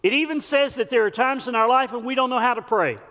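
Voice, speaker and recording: A man's voice: extremely high pitch, fast talker, pushed and bright. A male pastor preaching a sermon, earnest and folksy, with scripture and homespun stories. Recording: long church hall reverb.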